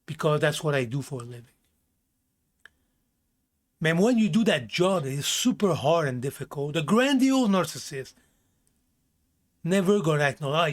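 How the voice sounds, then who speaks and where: A man with a slightly high voice delivers blunt self-help talk, straight to the viewer. He swears freely and hammers his points by repeating them. His grammar slips here and there as he speaks. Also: sing-song, normal speed, pauses often. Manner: blunt, emphatic, swears often, repeats phrases. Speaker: vlogger giving life advice. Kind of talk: casual self-help rant.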